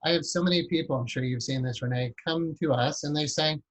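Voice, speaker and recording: A man's voice: fairly high pitch, fairly quick, rough recording. Talkative man interviewing, full of examples. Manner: talkative, builds long examples, frequent "right?". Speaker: interviewer and hypnotherapy teacher. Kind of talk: conversational interview.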